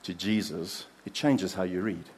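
A man preaching a sermon as pastor, earnest, dropping soft for prayers and building emphasis in lists. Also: low-pitched, fairly even intonation, moderate pace, husky, big-room sound.

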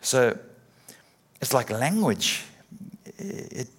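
A middle-aged man preaching in a loose, chatty way, repeating words as he builds a point. His voice is slightly husky and sits at an ordinary middle pitch for a man. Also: sing-song, drawn-out words. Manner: conversational, with repetitions and playful acted quotes. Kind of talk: sermon.

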